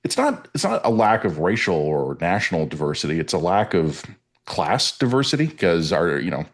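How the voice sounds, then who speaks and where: A man's voice: sits low, big pitch swings, normal speed. A Canadian man in his forties hosting a political podcast, reflective and wry, with frequent restarts. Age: 40s. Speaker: podcast host. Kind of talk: casual political talk.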